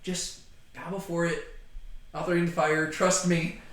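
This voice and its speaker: A smug, boastful ancient king who makes threats in a breezy, falsely reassuring tone, as a man acts him out. The voice sits fairly high and rings out in a very echoey room. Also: level tone, normal speed, a bit bright, close to an everyday voice. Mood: smug threatening.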